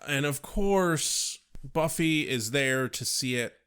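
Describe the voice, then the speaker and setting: Expressive man swearing freely as co-host. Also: medium pitch, takes it slowly, smooth. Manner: swears freely, exasperated rhetorical questions. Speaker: podcast co-host. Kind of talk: casual chat.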